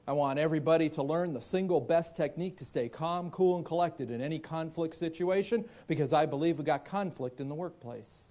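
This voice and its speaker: A man's voice: fairly high pitch, moderate pace, hardly any pauses, mellow. A man giving a live keynote talk as a psychologist and motivational speaker. He tells stories and leads the audience in call-and-response on a conference stage.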